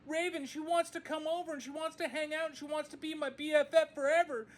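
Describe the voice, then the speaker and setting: Giddy, gushing teenage girl fan, high and breathless, as a man puts her on in a vlog. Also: level tone, fast.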